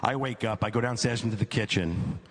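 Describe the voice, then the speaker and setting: A middle-aged man doing stand-up comedy on stage, telling a long story with repeated phrases and mounting exasperation. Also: a little fast. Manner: animated storyteller, repeats phrases for comic effect, climbs high when exasperated. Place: comedy stage before a live audience.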